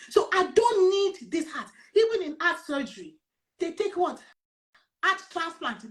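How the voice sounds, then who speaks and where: A high-pitched woman gives a casual sermon. She is animated and laughs often between verses, and she repeats key phrases for emphasis. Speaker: preacher. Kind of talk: casual sermon reading scripture.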